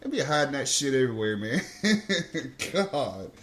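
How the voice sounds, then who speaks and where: A man's voice: mid-range voice, big pitch swings, measured pace, a bit bright. A man, a podcast co-host and army veteran, telling rowdy stories in casual chat, swearing and laughing as he talks. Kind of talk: casual storytelling.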